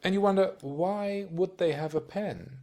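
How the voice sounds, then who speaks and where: A man's voice: sits high, unhurried, darkish tone. A man talks to camera as a voice-over coach, chatty and a little rambling. He keeps turning to the listener with little questions. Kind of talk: casual talk-to-camera tutorial.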